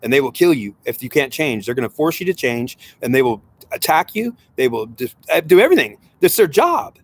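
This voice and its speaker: A man's voice: medium pitch, very animated, fairly quick. A man giving an impassioned spiritual monologue, talking in an agitated, rambling way that keeps circling back and repeating itself. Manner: agitated and rambling, with frequent repetition.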